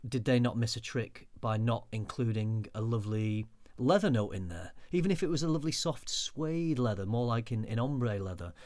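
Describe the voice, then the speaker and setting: A man's voice: medium pitch, normal speed, hardly any pauses, darkish tone, no echo. A man co-hosting a podcast, chatting casually and teasing his co-host. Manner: bantering, teasing. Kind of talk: casual chat.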